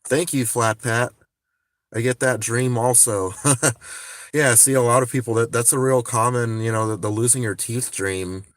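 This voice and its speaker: A man's voice: mid-range voice, fairly even intonation, normal speed, no room sound, studio quality. A man chatting casually on a phone livestream, rambling with many restarts and frequent swearing.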